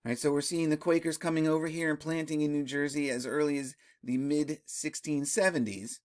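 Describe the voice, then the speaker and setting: Excitable casual history explainer. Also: a little fast. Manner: tags sentences with "right?", laughs often; excitable, jumps up in pitch when amused. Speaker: history video host.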